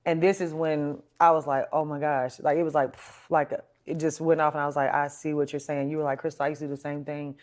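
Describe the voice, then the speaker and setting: A woman's voice: low-pitched, flat delivery, fairly quick, hardly any pauses, darkish tone. A woman in a casual conversation, reflectively retelling an earlier chat. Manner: reflective, retells past talks with quotes. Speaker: guest in a conversation.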